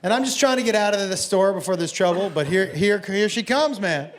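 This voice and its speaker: A man performing a stand-up comedy set, telling an animated story and acting out the people in it. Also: high-pitched, a little fast.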